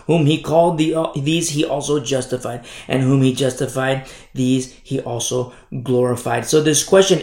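Gravelly-voiced male pastor preaching in an echoey room. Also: mid-range voice, normal speed, a little mellow. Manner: emphatic preaching, repeats rhetorical questions. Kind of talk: sermon. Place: church hall.

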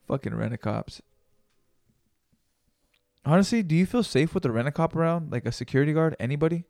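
A man's voice: mid-range voice, darkish tone, no echo, clean studio sound. A man hosting a solo podcast, talking in a casual, rambling, profane and motivational way. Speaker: podcast host.

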